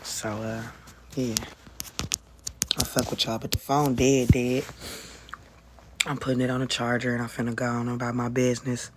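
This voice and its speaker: A livestreamer chatting casually to viewers, rambling and profane, with quick self-interrupting explanations. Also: medium pitch, flat delivery, noisy background.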